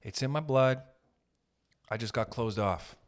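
A man from Canada hosting a podcast, delivering a heated, profane rant and slipping in quick acted quotes of other people. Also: mid-range voice. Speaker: podcast host. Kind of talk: ranting podcast monologue.

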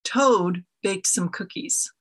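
A woman who leads an ethical society, reading a children's story aloud in a gentle storytelling manner. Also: mid-range voice, takes it slowly, husky. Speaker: interim leader of an ethical society.

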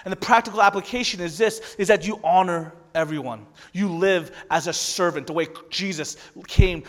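A man in his thirties preaching a conversational sermon as pastor, building into loud emphatic stretches. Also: sits high, moderate pace, hardly any pauses. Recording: long reverb of a large hall.

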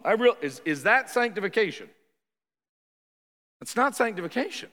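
A man with a high, bright, forceful voice preaches to his congregation. He talks conversationally and with emphasis, and keeps asking rhetorical questions. His words ring out with the long reverb of a large church hall. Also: very animated, moderate pace, pauses often. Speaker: pastor. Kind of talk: sermon. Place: church sanctuary.

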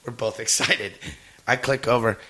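A man's voice: medium pitch, fairly even intonation, moderate pace, bright, forceful tone, husky. A man telling a funny story in casual podcast chat, acting out the people he quotes and laughing often.

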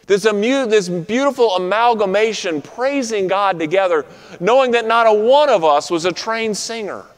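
A pastor preaching a sermon to his congregation, with a rhythmic, repetitive preaching cadence that slows on key phrases. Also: high voice, animated. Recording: long reverb of a large room.

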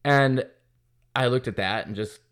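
Heated and profane, a man who owns a business and is opening a kart track vents a frustrated story in casual monologue. He speaks at medium pitch, slightly slowly, with a somewhat bright tone.

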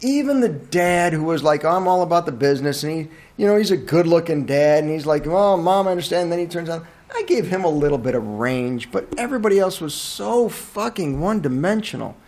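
A man hosting a casual movie podcast, ranting in an animated way and swearing freely. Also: on the high side, a little fast, few pauses. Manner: animated, profane, incredulous ranting. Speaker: podcast host and movie reviewer.

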